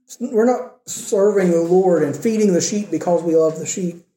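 A man's voice: sits high, normal speed, dark tone, echoey room. A man preaching a sermon in an earnest, conversational way with rising emphasis.

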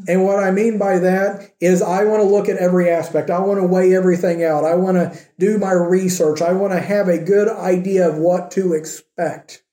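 A man delivers a sermon in an earnest, probing way, often stopping to question his listeners. His voice sits a little high but sounds very dark and mellow. The sound carries the echo of a room. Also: steady tone. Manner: earnest, questions the congregation, slows for emphasis. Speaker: preacher.

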